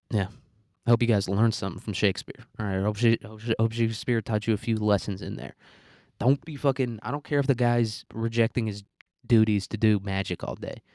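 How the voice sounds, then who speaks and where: A young American man with a fairly low voice rants on his solo podcast, full of profanity and loose fillers. The sound is close and dry, with no room around it. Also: darkish tone, no echo. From United States. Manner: profane, ranting, rambling with frequent fillers. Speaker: podcast host.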